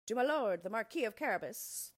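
A crowd of frightened fairy-tale peasants answering as one, high-pitched and loud with fear, as a woman reader puts them on. The voice is husky underneath. It sounds close and dry. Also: expressive, fairly quick, no room sound. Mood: obedient. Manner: loud, high, obedient chanting. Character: frightened peasant farmhands chanting together.

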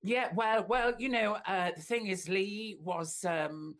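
An older woman, a singer telling long anecdotes in an interview, full of fillers and sudden jumps up in pitch. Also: takes it slowly. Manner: rambling storyteller, many fillers, camp asides, pitch leaps up when excited.

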